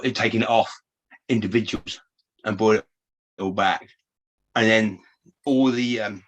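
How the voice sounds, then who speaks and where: Rambling, swearing man. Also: fairly low pitch. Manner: rambling, swears freely, restarts often; animated storytelling. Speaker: podcast co-host. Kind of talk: casual chat.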